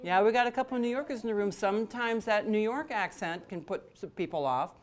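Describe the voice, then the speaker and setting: A woman with a mid-range voice and quick pace leads an interactive workshop as its trainer. She talks conversationally, full of fillers and restarts, laughing and joking with the attendees.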